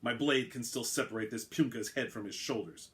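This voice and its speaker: A man voicing a fierce, vengeful male alien warrior who speaks gruffly and with menace. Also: mid-range voice, a little fast, fairly bright tone, close to an everyday voice. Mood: menacing.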